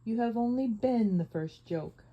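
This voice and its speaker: Woman voicing Aslan, a slow grave lion. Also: on the high side, lively intonation, muffled recording. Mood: solemn. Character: majestic male lion, calm and wise. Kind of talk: audiobook reading.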